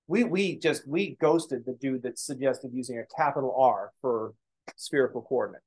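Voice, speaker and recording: A man's voice: mid-range voice, normal speed. A man teaching a math lesson in a casual lecture style, explaining as he writes and slipping in joking, self-deprecating asides. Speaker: math instructor.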